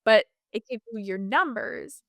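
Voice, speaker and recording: A woman guest telling a personal story in a casual interview, chatty and animated, with lots of fillers and restarts. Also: on the high side, a little slow, creaky, dry recording, clean studio sound.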